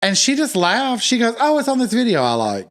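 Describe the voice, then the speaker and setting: A man's voice: very high voice, wildly swooping pitch, brisk. A man co-hosting a casual podcast, telling playful stories about his nieces and laughing along. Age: adult uncle of young nieces. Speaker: podcast co-host. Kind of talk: casual chat.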